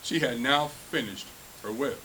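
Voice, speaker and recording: A man's voice: mid-range voice, moderate pace, pushed and bright, a little hiss or hum, rough recording. A man reading a children's picture book aloud at a school festival, playing up the animal noises.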